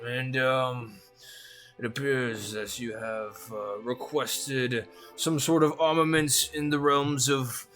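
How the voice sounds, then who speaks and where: A man voicing a gruff male orc armorer clerk who talks in an offhand, businesslike way. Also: mid-range voice, fairly even intonation, slow, a bit bright, faint music behind. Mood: brusque.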